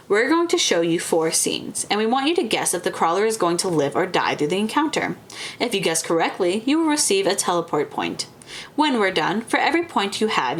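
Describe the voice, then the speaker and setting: A woman's voice: medium pitch, a little hiss or hum, natural voice. A woman voicing a taunting male orc game-show host with smug, teasing patter.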